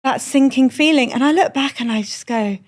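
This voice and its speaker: A middle-aged comedian from Iran, her voice sitting high and her pace moderate, is a guest on a podcast recorded on a moored boat. The chat is candid storytelling, full of self-deprecation and free swearing.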